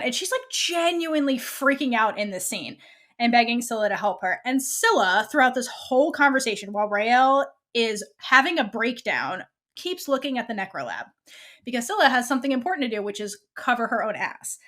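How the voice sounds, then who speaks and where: A woman's voice: fairly high pitch, moderate pace. A woman co-hosting a podcast, casually recapping a TV episode and acting out the characters' lines as she goes. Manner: animated, acts out characters' lines while recapping. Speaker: podcast co-host.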